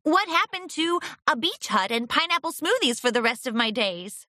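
A woman voicing a nervous, secretive young female pony who once was a spy, trying to sound calm in a storybook reading. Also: high-pitched, normal speed, no echo, studio quality, pitched above the performer's own voice, full character voice. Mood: tense. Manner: tense, eager to please.

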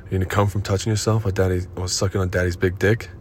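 A man performing an erotic audio role-play in a dominant, commanding and profane manner, with breathy moans between lines. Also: sits low, flat delivery, racing, a little mellow, a little hiss or hum.

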